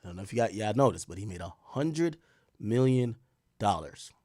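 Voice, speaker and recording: A young man hosting a show, telling a story to viewers in a casual, profane and slangy way, with loud exclaims and quiet asides. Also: fairly low pitch, lively intonation, normal speed, no echo, clean studio sound. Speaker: show host.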